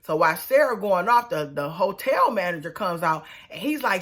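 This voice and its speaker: A young woman talks through a reality TV episode in a loose, slangy way. She is sassy and animated, acting out the people she quotes in loud, high voices. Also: normal speed. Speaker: reality TV recap host. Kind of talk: casual recap commentary.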